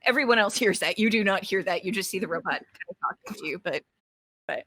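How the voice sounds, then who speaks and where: A woman narrating as game master of a tabletop game, slow and halting with many fillers. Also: medium pitch, sharp tone, dry recording.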